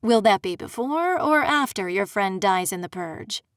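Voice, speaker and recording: Woman voicing a menacing male fae prince, slow taunting drawl, slightly lowered voice, dry close audiobook sound. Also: lively intonation, no room sound, natural voice.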